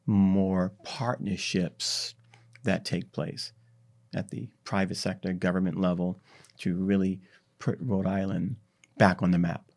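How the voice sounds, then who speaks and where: A man guest on a podcast, telling a history story in an animated, drawn-out way. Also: deep voice, creaky. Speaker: startup CEO, podcast guest. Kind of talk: conversational storytelling.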